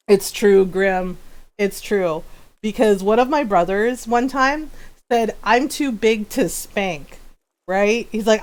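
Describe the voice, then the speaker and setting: A woman streamer telling family stories in a casual, animated way, laughing often and quoting relatives. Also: high voice, slow pace. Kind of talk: casual storytelling while gaming.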